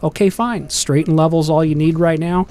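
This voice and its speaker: A man explaining aviation safety in a calm, steady manner during a casual panel talk. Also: a little high, moderate pace.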